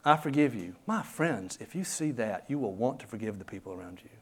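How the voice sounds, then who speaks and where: A man's voice: lowish voice, big pitch swings, a little fast, slight background noise. A man preaching a sermon as pastor, earnest and conversational, putting rhetorical questions to his listeners.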